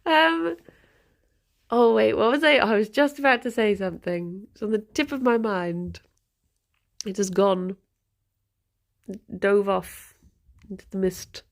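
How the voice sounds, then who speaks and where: Giggly woman with a gravelly edge. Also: mid-range voice, expressive, measured pace, long pauses. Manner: chatty, rambling, giggles often. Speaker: livestreamer. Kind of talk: casual chat with stream viewers.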